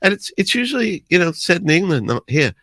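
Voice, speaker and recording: A man's voice: big pitch swings, fairly quick, pushed and bright, no echo, clean studio sound, heavily acted. A man in his sixties doing an impression of a famous older male rock star. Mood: wry. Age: 60s. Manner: playful imitation with a raised pitch.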